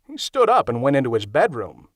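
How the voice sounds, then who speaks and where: Guy narrating a comedy audiobook, wry and chatty, super animated pitch, dead dry studio sound. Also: brisk, no echo. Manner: wry, conversational storytelling. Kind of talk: scripted first-person narration.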